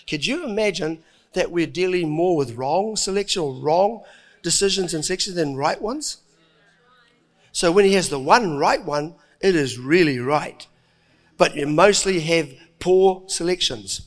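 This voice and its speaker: A middle-aged man preaching a sermon, telling the story with lively acted-out voices and frequent chuckles. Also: fairly high pitch, moderate pace. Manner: animated storytelling, acting out voices, chuckling often.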